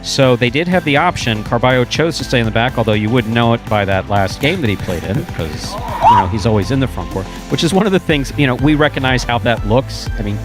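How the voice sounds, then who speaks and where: Man commentating over loud music. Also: medium pitch, fairly quick, hardly any pauses. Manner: opinionated, teasing, animated calls. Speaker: jai-alai commentator. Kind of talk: live sports commentary and banter.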